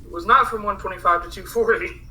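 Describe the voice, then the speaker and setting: A man's voice: sits high, fast, bright, forceful tone, poor audio. A tired young man chatting as a podcast guest, sarcastic and swearing often, talking over a headset on a call. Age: young adult. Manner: sarcastic, swears a lot, complains wearily. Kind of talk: casual podcast chat.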